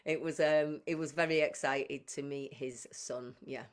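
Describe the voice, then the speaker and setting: A woman's voice: a bass voice, fairly even intonation, measured pace. Woman in her 30s, podcast guest, emotional storytelling, acts out old conversations. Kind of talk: personal storytelling.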